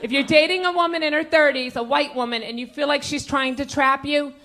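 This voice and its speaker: Brash high-voiced woman comic working the crowd. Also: steady tone, fairly quick. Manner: brash, crowd-work, bursts into shouting. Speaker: stand-up comedian and host. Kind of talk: stand-up comedy set. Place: comedy club stage. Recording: live club recording with loud crowd laughter and noise.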